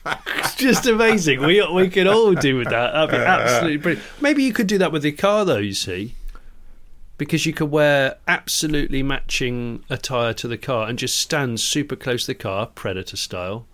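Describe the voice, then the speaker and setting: A man's voice: a little high, big pitch swings, moderate pace, a bit bright. Enthusiastic man bantering. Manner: enthusiastic, laughing, riffs on absurd ideas. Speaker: podcast co-host. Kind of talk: casual chat.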